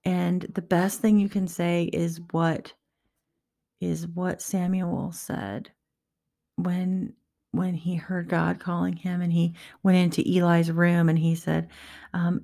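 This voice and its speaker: A woman's voice: on the low side, fairly even intonation, measured pace, creaky, dark tone. A woman giving an earnest, heartfelt personal faith talk to her viewers, encouraging them. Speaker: Christian vlogger.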